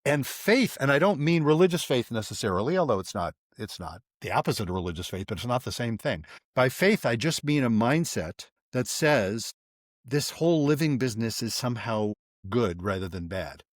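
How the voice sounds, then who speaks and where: Measured older male psychologist, dry sound. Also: mid-range voice, big pitch swings, dry recording. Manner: measured, explanatory. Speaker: psychologist guest. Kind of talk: podcast interview.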